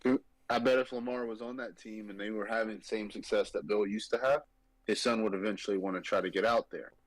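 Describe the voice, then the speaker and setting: Man, low voice, dry close mic, profane sports rant, podcast co-host. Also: steady tone, a little fast, no room sound, rough recording. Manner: ranting, profane, emphatic. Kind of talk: casual sports chat.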